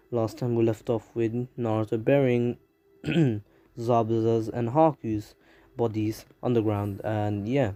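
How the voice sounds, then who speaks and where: A man's voice: mid-range voice, warm tone, no echo. A young man with a London accent, casually recapping a story at home, rambling with lots of fillers and restarts. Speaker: YouTube anime channel host. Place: home in a city, traffic sirens outside.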